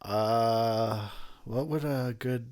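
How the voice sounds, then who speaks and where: A man's voice: mid-range voice, very slow, a little mellow. A man who is drunk, giving a rambling, profane film commentary between frequent laughs. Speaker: commentary host.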